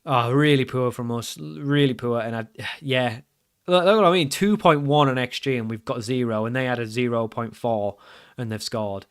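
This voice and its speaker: Man, live game commentary, frustrated grumbling, sudden loud outbursts, medium pitch. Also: normal speed, clean tone. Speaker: gaming commentator.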